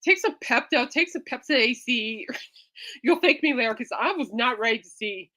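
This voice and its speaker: A woman hosting a casual podcast, rambling through an animated story with many fillers and dramatic re-enactments of her own reactions. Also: fairly high pitch, normal speed. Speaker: podcast host. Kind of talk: casual rambling livestream chat.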